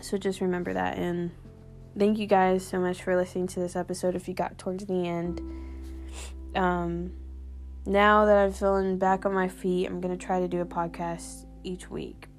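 A woman's voice: fairly low pitch, level tone, moderate pace, soft background music. A young woman hosting her own podcast, talking candidly and ramblingly about personal experience, with lots of "like" and casual swearing. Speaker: podcast host.

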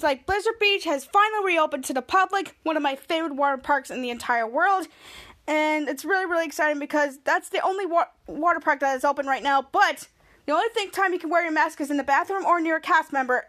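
A woman's voice: high-pitched, fairly bright tone. A woman hosting a podcast and recapping a TV episode in a chatty, rambling way, with gushing sign-offs to listeners. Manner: chatty, rambling, with frequent restarts. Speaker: podcast host.

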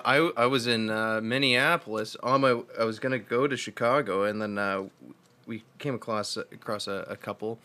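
A man's voice: fairly low pitch, moderate pace, sharp tone, smooth. A man co-hosting a casual podcast, telling joking stories and acting out quotes with frequent laughs. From western Canada. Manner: joking storyteller, acts out quotes, laughs often. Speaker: podcast co-host.

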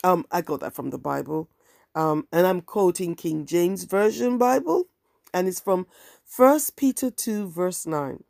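A woman hosts her own podcast in a candid, wry, ranting monologue. Her voice sits low and mellow with a gravelly edge. The recording is close and dry. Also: a little slow, dry recording. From African heritage. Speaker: podcast host and bookseller.

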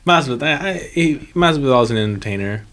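A man's voice: medium pitch, animated, fairly quick, fairly bright tone. A man hosting a podcast, chatting casually about sports, rambling with many fillers and restarts. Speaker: podcast host.

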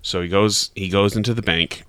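A man's voice: fairly low pitch, steady tone, normal speed, fairly bright tone, clear, resonant tone, no room sound. A man, hosting a casual podcast and telling a long joke, with many repeated words. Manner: rambling, repeats words, voices characters in a joke. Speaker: podcast host.

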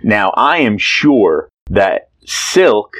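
A man's voice: on the low side, big pitch swings, very slow, fairly bright tone. Playful, teasing man recapping a comic. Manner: playful, teasing, hesitant with fillers. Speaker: podcast co-host. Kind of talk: casual chat recapping a comic.

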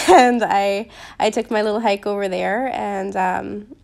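A woman's voice: mid-range voice, slow, gravelly, a little mellow. Chatty woman with a slight Midwestern accent. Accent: slight Upper Midwestern. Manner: chatty and rambling, with many ums and restarts. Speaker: podcast host. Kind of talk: casual Christian podcast monologue.

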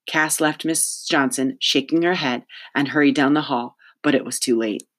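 Steady audiobook narrator reading a story. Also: mid-range voice, normal speed. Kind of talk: scripted narration.

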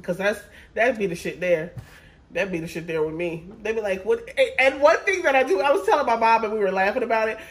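A woman's voice: medium pitch, lively intonation, a little fast. A young woman co-hosting a podcast, teasing and laughing as she chats and quotes people. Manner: teasing, laughing, quoting people in put-on voices. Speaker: podcast co-host. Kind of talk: casual chat.

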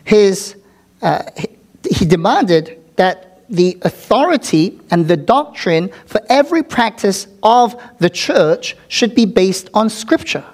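A man's voice: high voice, lively intonation, slow pace, a little mellow. A male pastor preaching a sermon with dramatic delivery, repeating words for emphasis and dropping into whispers. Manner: repeats words for emphasis, occasional filler ums.

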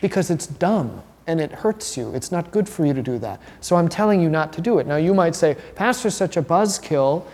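Chatty pastor teaching a class, reverberant hall. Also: male voice, a little high, brisk, few pauses. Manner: animated, chatty, asks the class questions.

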